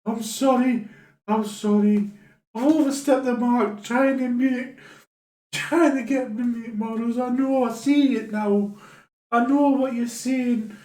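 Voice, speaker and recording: A woman's voice: on the high side, steady tone, slow, dark tone, reverberant. A woman telling a rambling comic monologue in a chatty, colloquial way. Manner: chatty, rambling, laughs often. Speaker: comedy sketch performer.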